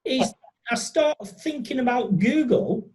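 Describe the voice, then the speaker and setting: A podcast host, chatting enthusiastically and animatedly in quick bursts. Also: sits high, very animated, darkish tone. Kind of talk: casual interview chat.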